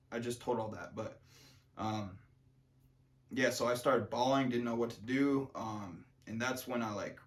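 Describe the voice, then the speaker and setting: A man speaks casually to his camera in a loose, rambling monologue. He piles on fillers and trails off to restart sentences, with a voice of ordinary middle pitch. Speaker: vlogger.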